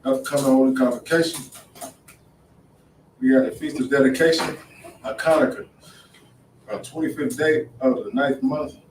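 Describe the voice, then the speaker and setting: A man reading out class announcements in a brisk, matter-of-fact way, in an indoor classroom. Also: medium pitch. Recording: roomy, distant mic, faint noise.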